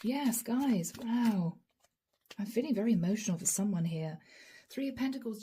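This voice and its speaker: A woman giving a channeled tarot reading to her viewers, earnest and emotional, often dropping to a soft whisper. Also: medium pitch, expressive, normal speed, husky. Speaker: tarot reader.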